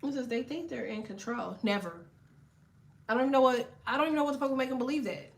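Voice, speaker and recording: A woman tarot reader talks straight to the camera in a casual rant. Her voice sits somewhat high, and she tells her story in a blunt, heavily profane, animated way. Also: quick pace.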